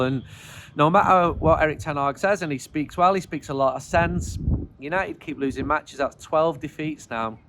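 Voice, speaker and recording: A middle-aged man with a fairly high voice delivers his football verdicts while standing outdoors on a cold, wet night. He rambles and sounds frustrated and self-deprecating, in a casual spoken commentary. A faint hiss of background noise sits under his voice. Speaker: football fanzine editor giving player ratings.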